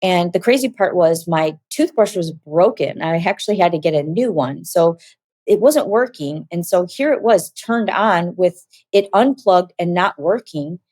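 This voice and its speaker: A woman telling a personal story as an interview guest, animated and acting out quoted dialogue. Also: on the low side, a little slow, no echo.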